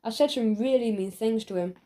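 A woman voicing an unhappy rich schoolboy who speaks quietly and sulkily, in a storybook reading. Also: a little high, fairly quick, lightly acted. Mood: tearful.

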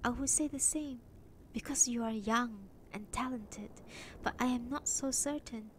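A proud, quick-tempered middle-aged woman, put on by a woman reading a story aloud, speaks in formal, measured phrases. Her voice sits a little high. A faint low rumble runs underneath. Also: lightly acted. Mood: wistful.

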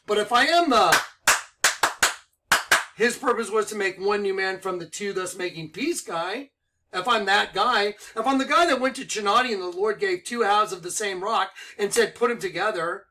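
A man with a high-sitting voice preaches with excitement to an online audience. He throws out rhetorical questions while commenting on a clip.

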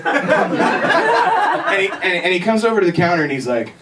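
A young man doing stand-up at a bar comedy night, telling a story in an animated way, swearing casually and acting out the scenes. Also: sits high. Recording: distant mic, loud bar noise.

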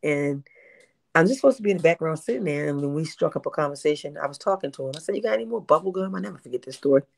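A woman, telling stories in an interview with animated delivery and frequent repetition. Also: low-pitched, fast talker, vocal fry. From Baltimore, USA. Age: 50s. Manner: animated, repeats herself, acts out quotes. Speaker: interview guest, independent filmmaker. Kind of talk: casual interview storytelling.

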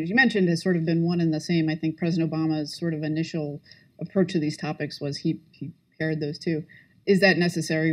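Fast-talking man asking questions. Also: on the high side, rough recording. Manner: quick, probing questions. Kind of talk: panel discussion.

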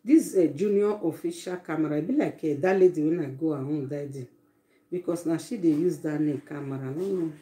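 A woman's voice: low voice, brisk, warm tone. Effusive Nigerian woman live-streaming. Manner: effusive, exclaiming to viewers in Pidgin English. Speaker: live streamer greeting viewers. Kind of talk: casual live-stream chat. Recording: roomy echo.

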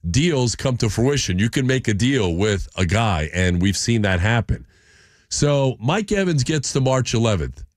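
Man in his 40s, sports radio host, animated storyteller, mid pitch, dry studio sound. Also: dry recording. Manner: animated storyteller, acts out scenes. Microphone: studio microphone.

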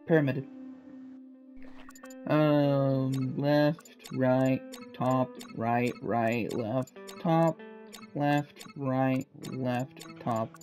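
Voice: mid-range voice, steady tone, very slow, darkish tone, soft background music, low-quality recording. A gamer casually commenting on a playthrough and reading game text aloud. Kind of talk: let's play commentary.

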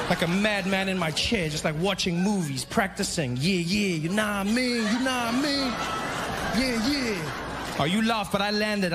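A man doing stand-up comedy, telling a story and slipping into character voices. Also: a little high. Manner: animated, jumps into character voices. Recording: loud noisy live recording.

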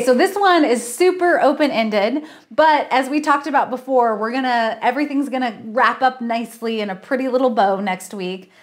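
A woman author reading her mystery story aloud on a livestream and chatting with viewers. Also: fairly high pitch. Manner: chatty, laughs at herself.

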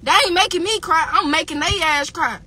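A woman with a high, bright, piercing voice rants on a livestream. She is heated and profane, and she loops the same jabs again and again. The delivery is loose and unscripted. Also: a little fast. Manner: heated, profane, repeats insults. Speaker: rapper on a livestream. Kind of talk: angry livestream rant.

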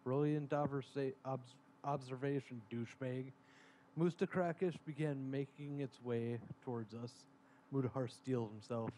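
A man's voice: mid-range voice, steady tone, normal speed, warm tone, slight background noise, rough recording. A man reading a silly story aloud to friends, dropping sarcastic asides. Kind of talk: comedic dramatic reading among friends.

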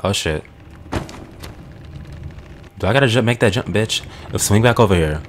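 A young man hosting a gaming channel does let's play commentary in a lowish voice at normal speed, with game music behind him and slight background noise. He swears a lot and talks at the screen.

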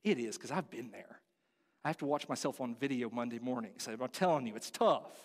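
A man's voice: medium pitch, animated, brisk, long reverb tail. A man preaching a sermon as pastor, earnest and conversational, asking the congregation direct questions. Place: church sanctuary.

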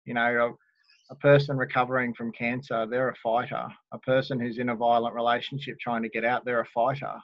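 A man's voice: medium pitch, flat delivery, a little fast, dry recording, lo-fi sound. A man hosting a podcast, easygoing and encouraging as he chats with his guest. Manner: easygoing, encouraging, laughs along. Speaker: podcast host. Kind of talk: casual podcast conversation.

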